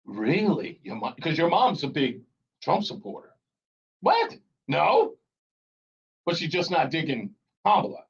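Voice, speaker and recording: A middle-aged male talk radio host with a high voice, bantering with callers and laughing often. The broadcast sound is dull and muffled. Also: wildly swooping pitch, unhurried, pauses often, husky. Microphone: studio broadcast mic.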